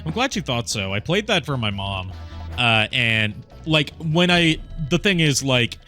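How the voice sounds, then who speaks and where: Chatty male streamer host, bright forceful tone, faint music underneath. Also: medium pitch, sing-song, a little slow. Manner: chatty, rambling, laughs often. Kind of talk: casual chat while streaming a game.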